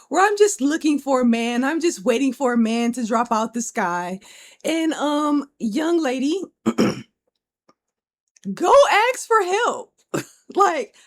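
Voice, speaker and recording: A young woman co-hosting a podcast, chatting casually and telling stories in a blunt, frank, profane way. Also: high-pitched. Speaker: podcast co-host.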